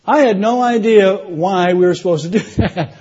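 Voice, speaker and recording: A middle-aged man delivers a sermon testimony, stumbling over restarts and then lifting his voice for emphasis. His voice sits high and sounds husky. The recording is dull and muffled. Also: normal speed, darkish tone. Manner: storytelling with restarts, rising emphasis. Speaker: preacher.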